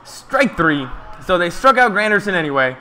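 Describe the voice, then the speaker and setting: A man giving casual, excited live play-by-play of a ball game from a stream, chatting to his viewers. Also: sits high, moderate pace, slight background noise.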